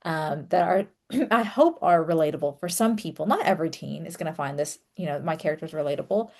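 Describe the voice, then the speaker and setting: A young woman talking casually to her audience, chatty and relaxed, with many fillers and small laughs. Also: sits low, fairly quick. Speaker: author and content creator. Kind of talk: casual solo talk to camera.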